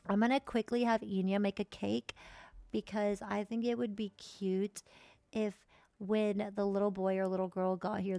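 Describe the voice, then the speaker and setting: A woman's voice: mid-range voice, vocal fry, a little mellow, dry recording. A woman streaming a life-simulation game, chatting casually and swearing now and then as she plays. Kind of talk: casual gameplay commentary.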